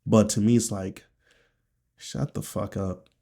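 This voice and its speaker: A man from Nigeria talking candidly in a personal video diary, with a low, subdued and profane, rambling delivery. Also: level tone, a little slow, vocal fry, warm tone. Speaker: vlogger.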